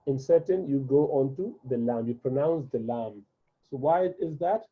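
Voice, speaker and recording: A man's voice: mid-range voice, expressive, moderate pace, breathy edge. A man whose first language is Urdu, patiently teaching a beginner's lesson, repeating and drilling words one by one. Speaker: Arabic teacher. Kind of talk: classroom lesson explanation. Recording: tinny phone-like sound.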